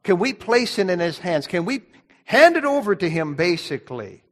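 A man with a high-pitched voice delivers an emphatic sermon, putting rhetorical questions to his congregation. His words ring out with a long reverb through a church hall. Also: big pitch swings, normal speed. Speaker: pastor.

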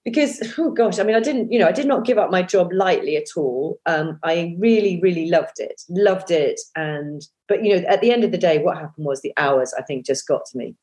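Chatty woman, lowish voice. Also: lively intonation, brisk, hardly any pauses, darkish tone. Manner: chatty, self-deprecating, many fillers and restarts. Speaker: podcast guest, former breakfast TV presenter. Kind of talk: casual interview chat.

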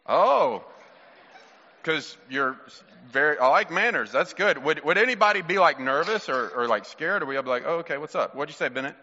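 A man's voice: on the high side, lively intonation, moderate pace, pushed and bright. A man pastor, asking children playful questions during a children's sermon in church. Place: church sanctuary. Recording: muffled church recording with long reverb.

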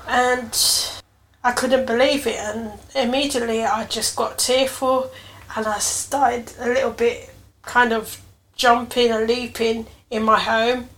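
A woman's voice: fairly high pitch, flat delivery, a little slow. A woman hosting her own podcast, telling a personal story in an earnest, reflective way, with emotional emphasis. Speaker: podcast host.

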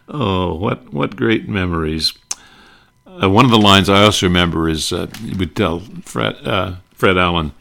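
A man's voice: low-pitched, animated, normal speed, gravelly, fairly bright tone. An older man hosting, reminiscing in a chuckling, rambling way with lots of fillers. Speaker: host. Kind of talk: casual reminiscing about old radio comedy.

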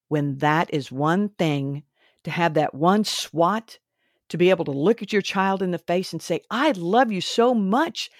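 Slow, earnest woman podcast host. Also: lowish voice, no echo, clean studio sound. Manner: earnest, instructive, gently preachy. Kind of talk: faith-based parenting talk.

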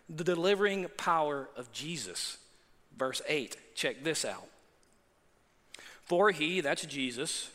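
High, bright-voiced preacher in a hall. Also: male voice. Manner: emphatic, rhetorical questions and asides to the congregation. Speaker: pastor. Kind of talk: sermon. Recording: long hall reverb.

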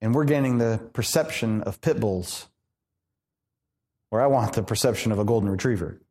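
A man pastor preaching a sermon in an animated, conversational way, asking the congregation questions. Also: fairly low pitch, moderate pace. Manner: animated, conversational, acts out quoted voices.

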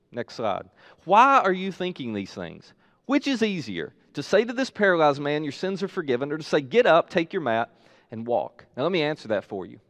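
A man preaches with an animated, rising and falling delivery, his voice sitting a bit high for a man. He retells a story, slipping into quoted voices as he goes. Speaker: pastor. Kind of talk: sermon.

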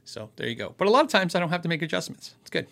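A man hosting a casual live question-and-answer chat about guitars, rambling easily with fillers, restarts and quick laughs. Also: on the high side, big pitch swings, vocal fry, fairly bright tone. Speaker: livestream host answering viewer questions on guitars.

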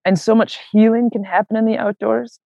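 A woman's voice: on the high side, a little fast, creaky, no echo. Young woman guest rambling about the trail, lots of "like", kinda muffled dry sound. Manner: animated, many fillers like "like" and "man", acts out quoted voices. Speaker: interview guest, long-distance hiker. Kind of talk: casual storytelling interview.

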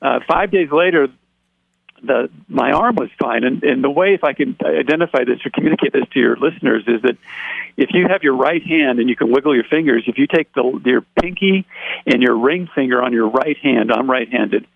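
Gravelly man telling his story by phone. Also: mid-range voice, fairly quick, dry recording. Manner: animated, acts out quoted dialogue. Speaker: interview guest. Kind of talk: personal testimony storytelling. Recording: tinny dry phone line.

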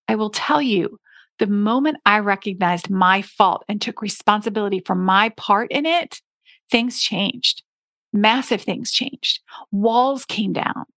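A woman's voice: medium pitch, a bit bright, dry recording, clean studio sound. A woman in her forties hosting a solo podcast, talking to her listeners in an earnest coaching way and acting out her own past complaints. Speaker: podcast host, business coach.

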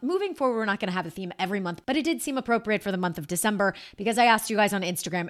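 A woman in her thirties hosting a podcast, telling a rambling story in a chatty, animated way full of fillers and asides. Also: on the high side. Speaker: podcast host. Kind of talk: casual storytelling monologue.

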